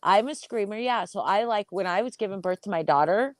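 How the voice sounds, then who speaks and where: A woman, around her thirties, telling a story in casual chat, profane and animated. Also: mid-range voice, fairly quick, dry recording. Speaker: podcast host.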